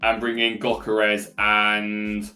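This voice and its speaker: A man co-hosting a casual fantasy football podcast, calmly laying out his options one by one with a dry sense of humour. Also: lowish voice, takes it slowly, soft background music. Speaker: podcast co-host.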